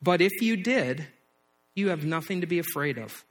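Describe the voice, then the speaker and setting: A man voicing his older sister in a story, gently and patiently asking questions to soothe a scared child. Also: fairly high pitch, lively intonation, normal speed. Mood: soothing. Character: caring older sister, calm and reassuring.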